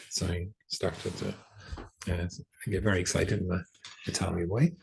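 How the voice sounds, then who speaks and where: An older rabbi teaching a class, his low voice gravelly with fry. He talks in a relaxed, storytelling way, pausing on fillers and restarting his sentences as he goes. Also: a little hiss or hum. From England. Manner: chatty, hesitant with many fillers and restarts. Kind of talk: storytelling lecture.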